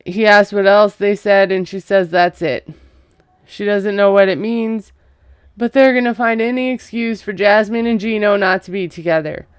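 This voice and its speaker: A woman's voice: medium pitch, steady tone, moderate pace, clean tone, no echo, studio quality. A woman recapping a TV episode in a casual, gossipy, sarcastic way. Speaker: TV recap vlogger.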